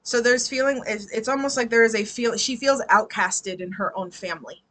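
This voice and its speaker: A woman's voice: fairly high pitch, brisk, a bit bright. A woman giving a casual live tarot reading, chatty and laughing often, swearing freely. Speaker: tarot reader.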